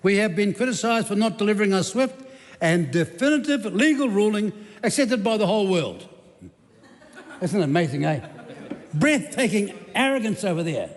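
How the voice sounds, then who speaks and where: In an echoey parliamentary chamber, a government minister from New Zealand gives a sarcastic, combative debate speech. His high voice is expressive and moves at a moderate pace.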